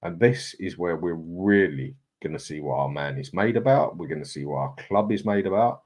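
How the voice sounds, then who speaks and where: Deep-voiced man, live-stream host, matey and chatty, greets viewers by name. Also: animated, normal speed, few pauses, a little mellow. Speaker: livestream host. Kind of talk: casual live chat, reading out viewer comments.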